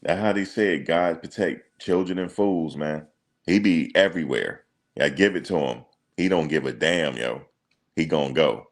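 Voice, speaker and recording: Very deep gravelly-voiced man chatting. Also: normal speed. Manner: relaxed slangy banter, thinks aloud with ums. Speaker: reaction streamer. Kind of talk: casual chat reading viewer comments.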